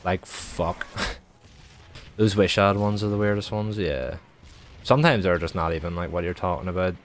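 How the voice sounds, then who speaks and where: Low-voiced young man rambling casually. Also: normal speed. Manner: sweary, rambling, heavy use of filler "like". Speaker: streamer.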